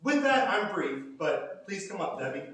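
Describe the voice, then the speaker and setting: A man's voice: sits high, very animated, moderate pace, heavy background noise. A man nervously and earnestly introducing an award recipient at a banquet, getting a little emotional. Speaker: award presenter. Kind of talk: introduction speech. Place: banquet hall. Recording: echoey banquet hall, distant mic.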